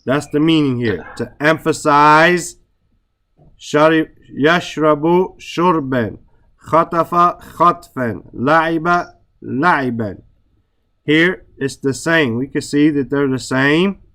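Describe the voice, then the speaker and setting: A man teaching Arabic grammar in a relaxed way, stressing words for emphasis and often checking in with "right?". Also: on the high side, measured pace. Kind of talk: relaxed classroom explanation.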